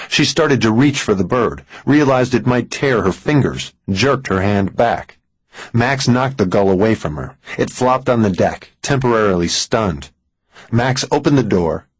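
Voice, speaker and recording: A man reading a thriller audiobook in an even, deliberate scripted narration. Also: medium pitch, breathy edge, dry recording, low-quality recording.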